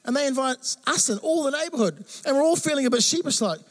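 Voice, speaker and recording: A man preaching a sermon, telling stories with lively acted-out quotes and jokes. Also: very high voice, fast talker. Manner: animated storytelling with acted quotes. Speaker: pastor.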